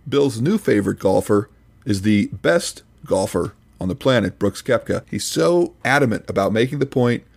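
Gravelly low-voiced man, deadpan. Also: normal speed. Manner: dry, mock-serious, pedantic. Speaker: podcast host reviewing another podcast. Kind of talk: scripted comedic commentary.

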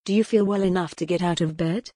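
A woman reading an audiobook voices a cool, mocking man who leads a sinister order, with a smooth, sardonic manner. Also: fairly low pitch, steady tone, quick pace, warm tone, dry recording, clean studio sound, close to an everyday voice.

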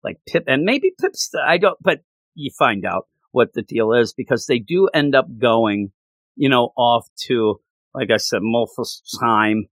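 With a mid-range voice and a measured pace, a man hosting a podcast chats about a comic book in an excited, gushing way, often stumbling and restarting. There is no room sound.

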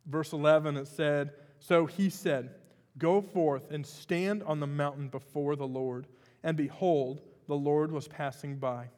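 A man's voice: on the high side, fairly even intonation, measured pace, a little mellow, long reverb tail. A man preaching a sermon as pastor, in a conversational way with frequent fillers and restarts.

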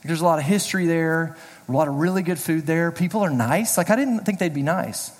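A middle-aged pastor giving a casual, joking sermon, telling personal stories in a chatty way. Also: male voice, on the high side, a little fast, soft background music. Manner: chatty, storytelling, self-deprecating jokes. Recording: reverberant hall.

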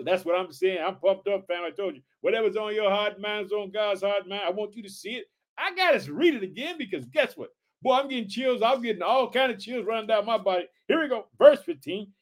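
A man preaches with fervent energy, his voice sitting high. He reads scripture aloud and keeps breaking off to exclaim to his listeners. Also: expressive, moderate pace. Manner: fervent, exclaiming, calls listeners "boy" and "family". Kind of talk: energetic Bible-reading sermon.

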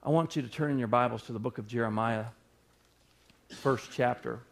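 A man preaching a sermon as pastor, swinging between loud emphatic bursts and quiet low passages. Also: normal speed, gravelly, a little hiss or hum.

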